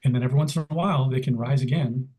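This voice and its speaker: A man co-hosting a podcast, talking in a measured, reflective way in casual chat. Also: mid-range voice, warm tone. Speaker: podcast co-host.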